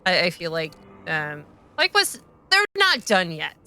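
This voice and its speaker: Bright, giggly woman esports caster. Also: fairly low pitch, wildly swooping pitch, measured pace. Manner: giggly, chatty color commentary. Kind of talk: live esports commentary.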